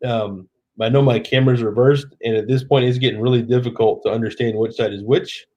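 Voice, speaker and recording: A man's voice: mid-range voice, steady tone, brisk, dark tone, highs cut off. Tipsy Oklahoma man chatting on a stream. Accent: Southern US (Oklahoma). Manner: chatty, reading viewer comments aloud. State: tipsy from drinking. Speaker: live stream host. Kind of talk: casual late-night live stream chat.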